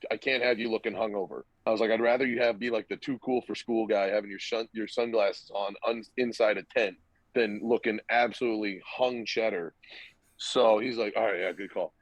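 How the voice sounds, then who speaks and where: A man's voice: fairly low pitch, fairly even intonation, brisk, no room sound. A young man telling a loose, profane story as a podcast guest, acting out the other people's lines as he goes. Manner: loose, profane, acts out quoted dialogue. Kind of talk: casual storytelling. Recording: dull, lo-fi dry recording.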